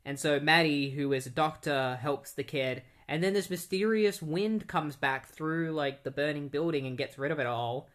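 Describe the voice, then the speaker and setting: A man's voice: on the high side, normal speed, hardly any pauses, fairly bright tone. A young man casually recapping and reviewing a comic book in a rambling, conversational way.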